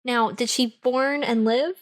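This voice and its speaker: A woman's voice: fairly high pitch, steady tone, measured pace. A woman co-hosting an audiobook review podcast, chatting casually in playful, jokey banter. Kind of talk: casual chat.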